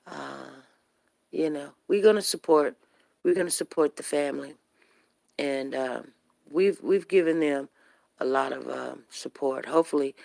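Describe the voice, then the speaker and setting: A woman talks into her phone at home, still a little winded after a walk. Her pace is slow and unhurried and her voice sits on the low side. The sound is close and dry, with no room echo. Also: gravelly. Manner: chatty, addresses viewers directly, talks to her dog. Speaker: vlogger. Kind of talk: casual live-stream chat while walking home. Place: at home, indoors.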